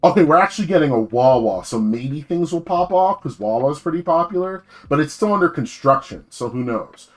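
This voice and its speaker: A man's voice: on the high side, lively intonation, fairly quick, few pauses, faint music behind. A young man from New Jersey chatting casually on a live stream, rambling, swearing and full of slang.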